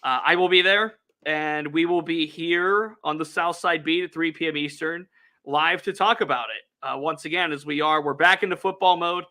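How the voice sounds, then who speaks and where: Bright, energetic male sports podcast host. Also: a little high, moderate pace. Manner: energetic, promotional, emphatic. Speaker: podcast host and team reporter. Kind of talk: casual sports podcast chat.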